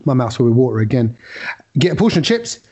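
A man's voice: mid-range voice, big pitch swings, fast talker, warm tone, breathy edge. A man hosting a casual podcast, teasing his friends and describing food in vivid detail. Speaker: podcast host. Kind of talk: casual chat.

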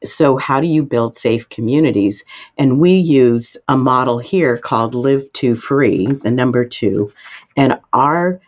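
Woman explaining with emphatic pitch lifts. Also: a little slow, darkish tone, muffled recording. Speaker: guest expert. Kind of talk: interview answers.

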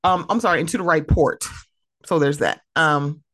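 A woman hosting her own podcast in a casual, animated, emotional way, laughing often. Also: low voice, normal speed, no room sound, studio quality. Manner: animated, laughing, emotional, mimics friends' voices. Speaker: podcast host. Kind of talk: casual solo podcast talk.

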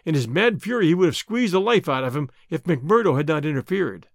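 A man narrating a mystery story and hosting the show, with expressive storytelling. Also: fairly high pitch, fairly quick, dry recording, studio quality. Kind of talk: audiobook narration.

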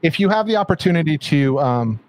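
A man's voice: fairly high pitch, lively intonation, a little fast. A man co-hosting a podcast who keeps the talk moving with easygoing questions. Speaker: podcast co-host. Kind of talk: casual podcast chat.

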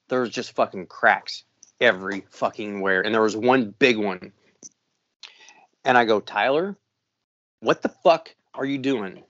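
A man's voice: medium pitch, a bit bright, no echo. A middle-aged man rants his way through a story, swearing in nearly every line. He is a podcast co-host talking casually. The sound is dry and a little dull. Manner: profane, ranting storyteller.

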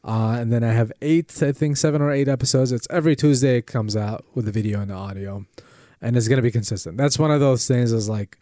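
A man in casual podcast conversation, talking in an animated, rambling way. He restarts his sentences often. The sound is dry and close. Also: medium pitch, fast, dry recording. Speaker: comedian and podcast guest.

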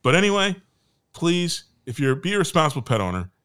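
A man's voice: a little high, very animated, fairly quick, a bit bright, smooth. A man co-hosting a comedy podcast, telling rambling stories in casual chat with lots of restarts. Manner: rambling storyteller with many restarts. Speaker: podcast co-host.

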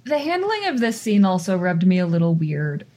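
A woman's voice: fairly low pitch, big pitch swings, normal speed, warm tone. A woman co-hosting a casual film podcast, talking frankly with a wry edge. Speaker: podcast co-host.

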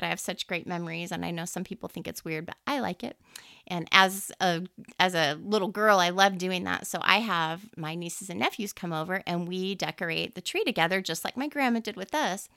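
A woman host and teacher chatting casually about faith, animated and leaping up in pitch whenever she quotes someone. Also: clear, resonant tone, no room sound, studio quality. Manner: animated, jumps high when quoting people.

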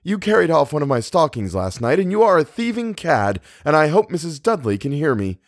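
A man's voice: fairly high pitch, big pitch swings, brisk, no echo, studio quality, voice pushed up. A man voicing a playful, teasing young woman in a storybook reading, with a mock-indignant tone.

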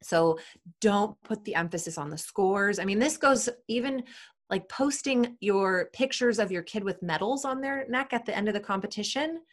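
A woman in her thirties giving animated interview answers and acting out what parents say to their kids. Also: moderate pace. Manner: animated, acts out parents' voices in higher tones. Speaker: guest, sports psychology expert.

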